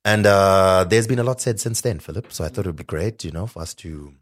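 Deep-voiced playful podcast co-host man. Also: fairly quick. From Zimbabwe. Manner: playful, mock-pompous, animated. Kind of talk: casual podcast chat.

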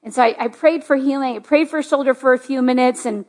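High-voiced woman preaching chattily. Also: fast talker. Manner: chatty, lots of "like", rising to excited. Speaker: pastor. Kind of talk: sermon with personal story. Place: church sanctuary.

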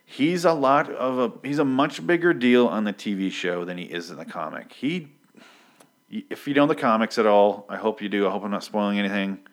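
A man's voice: lowish voice, lively intonation, a little fast. A man casually recapping a comic book, sarcastic, rambling and swearing freely.

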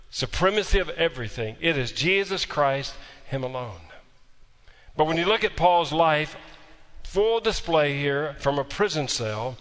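A man's voice: on the high side, a bit bright, in a large hall. A man preaching a sermon as pastor, telling a humorous story before moving into emphatic preaching.

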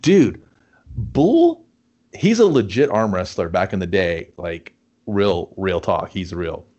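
A man's voice: low-pitched, slow pace, dull audio. A man co-hosting a casual chat about a movie, swearing a lot and acting out lines from scenes. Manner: profane, animated, acts out movie lines. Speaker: podcast co-host.

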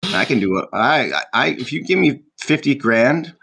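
A man with a mid-pitched voice arguing his case in a casual podcast chat. He is emphatic and stammers through restarts as he pushes his point. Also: expressive, moderate pace, creaky, sharp tone, a little hiss or hum.

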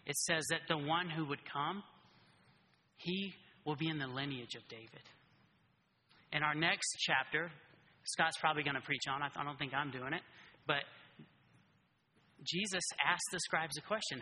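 A man preaching a casual, animated sermon who keeps checking in with his listeners by asking "right?". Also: a little high, moderate pace, long pauses. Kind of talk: conversational sermon. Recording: reverberant hall.

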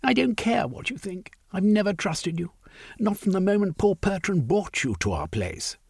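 A man doing a ruthless woman rebel, pitched well above his own voice, for an audiobook. Her delivery is clipped, cold and commanding, with a husky edge and dry, close sound. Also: very animated, moderate pace, darkish tone, no room sound. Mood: contemptuous.

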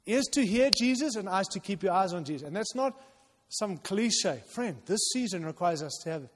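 A male pastor preaching a sermon to his church, urging loudly at times and dropping to quiet intensity at others. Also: sits high, expressive, moderate pace, hardly any pauses. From outside the United States. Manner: impassioned, swings between loud urging and quiet intensity. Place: church hall. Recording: long reverb of a large hall.

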